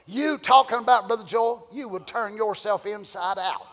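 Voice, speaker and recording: An older man preaching a sermon, swinging between loud shouting and quiet storytelling. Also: high-pitched, moderate pace, long reverb tail. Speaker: pastor.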